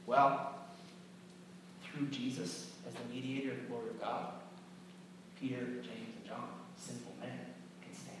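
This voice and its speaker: A man preaching a sermon, telling the story with animated, sarcastic acted-out quotes. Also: mid-range voice, a little slow, pauses often, noisy background. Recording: echoey hall, mic far off.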